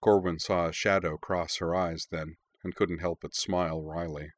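A man narrating a story in an even, unhurried reading voice. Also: low voice, dry recording.

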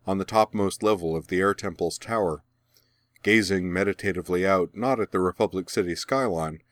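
A man narrating a story in a calm, even audiobook reading. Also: deep voice, dry recording, clean studio sound.

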